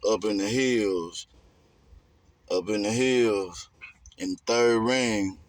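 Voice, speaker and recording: A man's voice: fairly low pitch, slow, dry recording. A man giving a rambling, emphatic casual monologue in streetwise slang.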